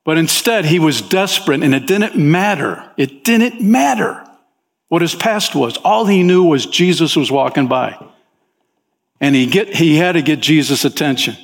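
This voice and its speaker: A man preaching as a pastor, talking with the congregation in an easygoing way and often saying "man", and his pitch rises sharply when he voices desperate pleas. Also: expressive, normal speed. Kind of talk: sermon. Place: church sanctuary. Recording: long hall reverb in a church.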